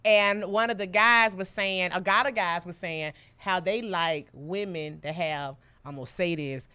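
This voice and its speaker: Woman, young adult, Southern American accent, animated storyteller, laughs often, bright voice. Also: fairly low pitch, measured pace, clean tone. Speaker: podcast guest. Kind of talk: casual chat.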